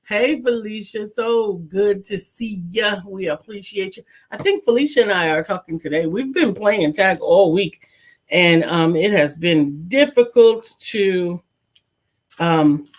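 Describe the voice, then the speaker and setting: A woman's voice: mid-range voice, measured pace. Playful woman host teasing on a live show. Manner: playful and teasing, laughs easily. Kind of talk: casual live-show chat reading viewer comments.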